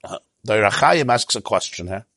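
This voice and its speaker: A man's voice: fairly low pitch, expressive, normal speed, pushed and bright, no room sound. A man teaching a Torah class in a conversational way, with jokes and asides, and his voice jumps up when he stresses a point.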